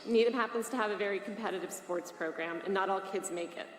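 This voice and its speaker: A woman's voice: medium pitch, fast. An earnest woman in her forties reads a formal, emotional statement to a legislative committee. Her voice sits in the middle range. The sound carries a long hall echo with a faint hiss underneath. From Massachusetts, USA. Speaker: parent testifying at a public hearing. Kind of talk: reading prepared testimony. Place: large state legislative hearing room. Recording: echoey hall from mid distance, faint hiss.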